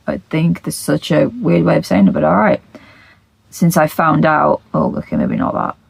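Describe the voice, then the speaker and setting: Woman reading reddit posts out loud, heavy vocal fry, blunt and sweary, dry close sound. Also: sits low, no room sound, rough recording. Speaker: reddit story reader. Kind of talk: reading posts aloud with reactions.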